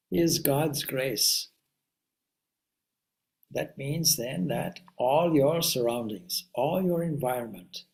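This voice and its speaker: A man, a swami, giving a spiritual teaching talk to seekers in a Q&A session. He speaks in a measured, reflective way, builds long lists of phrases and now and then pauses on an "uh". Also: mid-range voice. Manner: reflective, with occasional "uh" fillers.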